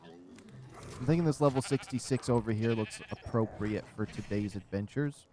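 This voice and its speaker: A man's voice: fairly low pitch, moderate pace, a little mellow, a little hiss or hum. A man streaming a game live, chatting casually and rambling to his viewers in his room, a little short of breath. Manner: chatty, rambling, chuckles to himself. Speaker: livestream gamer. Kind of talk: casual gameplay commentary.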